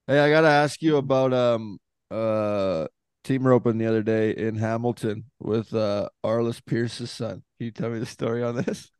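A man's voice: medium pitch, fairly even intonation, normal speed, a little mellow, clear, resonant tone, no room sound, clean studio sound. A man co-hosting a podcast in casual chat, asking questions with hesitant fillers.

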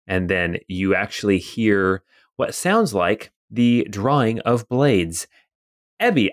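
A man narrating a tabletop game as game master, relaxed, with many fillers. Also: mid-range voice, no echo, studio quality.

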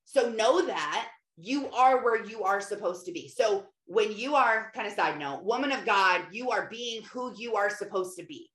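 Animated woman giving a casual faith talk. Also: medium pitch, moderate pace, few pauses. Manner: animated, often acts out quotes, many fillers. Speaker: mother and Christian speaker. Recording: roomy echo.

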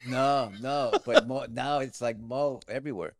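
A middle-aged man hosting a casual conversation, playful and expressive as he tells his own stories. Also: medium pitch, normal speed, no echo, studio quality. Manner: expressive, playful, earnest asides. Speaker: podcast host.

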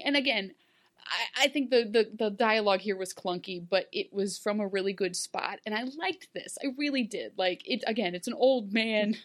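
A woman in casual chat, recapping a TV episode in an animated way and acting out characters' lines. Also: medium pitch, moderate pace. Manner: animated, acts out characters' lines in put-on voices. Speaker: podcast co-host recapping a TV show.

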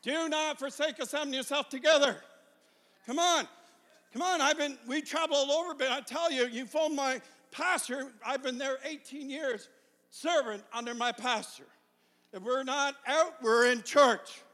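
Middle-aged male evangelist, very high bright voice, shouts then confides, echoing hall. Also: moderate pace. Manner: swings between shouted fervor and quiet confiding. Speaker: evangelist preacher. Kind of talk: sermon. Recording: long hall reverb.

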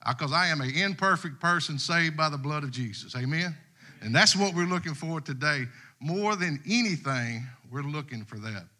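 A man's voice: on the high side, expressive, moderate pace, bright, forceful tone. A middle-aged man, preaching a casual, folksy sermon to a church congregation. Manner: folksy and conversational, Southern US dialect. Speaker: guest preacher. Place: church sanctuary.

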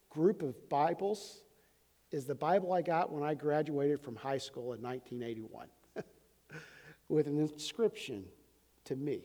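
A man's voice: a little high, dark tone. A man in his fifties preaching a conversational sermon as pastor, often restarting and repeating words. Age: 50s. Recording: long hall reverb.

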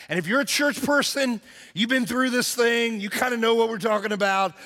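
High-voiced pastor preaching in a reverberant hall. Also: male voice, lively intonation. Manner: storytelling, shouts for emphasis, drawn-out slow phrases. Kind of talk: sermon. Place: church auditorium.

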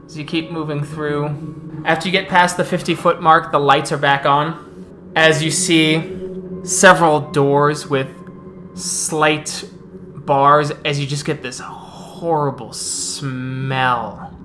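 A woman's voice: low voice, fairly even intonation, slow pace, a bit bright, slight background noise. A woman narrating as storyteller of a tabletop game, describing scenes in the second person, over background music.

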